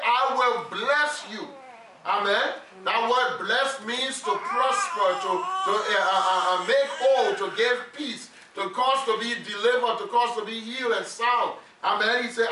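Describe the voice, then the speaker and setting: High, bright-voiced preacher in a roomy hall. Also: male voice, slight background noise. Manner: emphatic, leads congregation in repeating phrases. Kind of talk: sermon with call-and-response. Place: church sanctuary with congregation. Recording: roomy church hall, mic at a distance.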